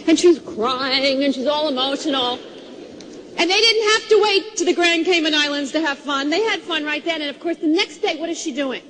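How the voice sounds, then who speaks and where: High-voiced woman giving a lively seminar talk. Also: normal speed. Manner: animated storytelling, acts out quotes. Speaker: relationship speaker. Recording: reverberant hall, faint ambience.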